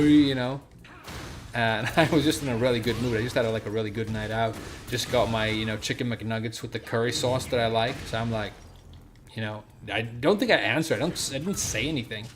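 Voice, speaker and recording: A young man streaming a game and telling a story in a relaxed, rambling way, full of fillers. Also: mid-range voice, fairly quick. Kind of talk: casual storytelling while gaming.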